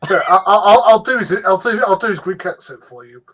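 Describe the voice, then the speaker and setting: A man with a voice a touch higher than most men joins a casual group chat. He stumbles over repeated words as he builds up to his jokes. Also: brisk, a bit bright. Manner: stammering, repeats words before joking.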